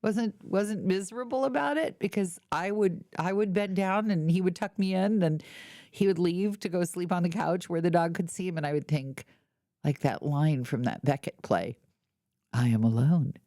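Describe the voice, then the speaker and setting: A woman's voice: fairly low pitch, moderate pace, mellow, no echo, clean studio sound. A middle-aged woman hosting a podcast, chatting casually with wry storytelling and playful mock indignation. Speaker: podcast host. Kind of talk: casual chat.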